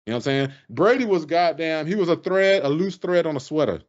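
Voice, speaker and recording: A man co-hosting a casual sports podcast, ranting with animated, profane energy. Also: on the high side, fairly quick. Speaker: podcast co-host. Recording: dull lo-fi podcast audio.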